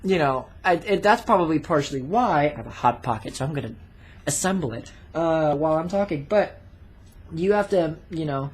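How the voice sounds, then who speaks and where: A man's voice: on the high side, animated, normal speed, breathy edge. A young man vlogging a story in a rambling, casual way with plenty of swearing and fillers.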